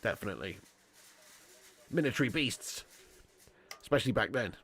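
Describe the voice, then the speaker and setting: A man's voice: mid-range voice, animated, normal speed, fairly bright tone. A man hosting a live football watch-along, reading out viewer messages and joking with cheeky boasts and lots of laughter. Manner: banter-heavy, laughs often, joking boasts. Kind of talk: live-stream chat reading super chats.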